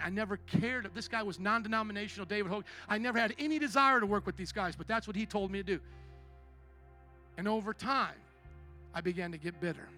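Male pastor, high bright voice, testimony sermon, quiet then loud, faint music behind. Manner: storytelling, swings from hushed to loud.

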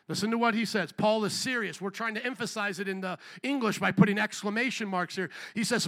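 High, forceful preaching man. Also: lively intonation, fairly quick. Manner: forceful preaching with rhetorical questions. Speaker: pastor. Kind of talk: sermon.

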